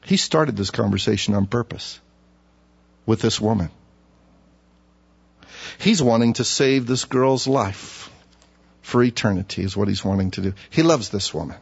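A man's voice: on the low side, measured pace, gravelly, long pauses, slightly rough. A man preaching an expository sermon, conversational and emphatic, with many rhetorical questions, on a dull recording.

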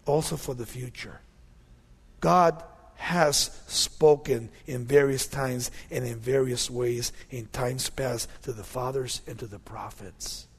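A man preaching a sermon as a pastor, telling stories animatedly and often dropping to hushed tones. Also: medium pitch, takes it slowly, vocal fry, breathy edge, long reverb tail.

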